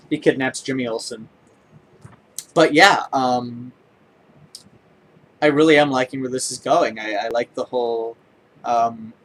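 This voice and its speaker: A young man giving a casual spoken comic book review, enthusiastic but halting, with many ums, uhs and restarts. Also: medium pitch, a little hiss or hum.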